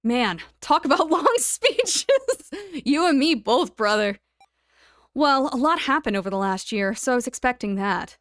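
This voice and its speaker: A woman's voice: fairly high pitch, animated, fairly bright tone, no room sound, studio quality. Chatty woman streamer. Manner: chatty asides, quick laughs. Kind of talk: casual game commentary.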